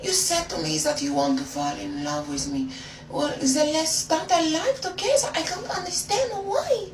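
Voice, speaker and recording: A woman's voice: very high voice, very animated, normal speed, reverberant, distant mic, noisy background, pitched above the performer's own voice. A woman putting on a fake French accent to play a flirty, coy version of herself, sweet-talking a man. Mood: mock offended. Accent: put-on French accent.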